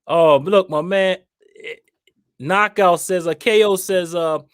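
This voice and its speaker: Laid-back male host, fairly high voice, dry close mic, chatty and easygoing. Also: a little slow, clean tone, no echo. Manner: laid-back, laughs easily. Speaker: host reading viewer comments. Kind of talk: casual live-stream chat.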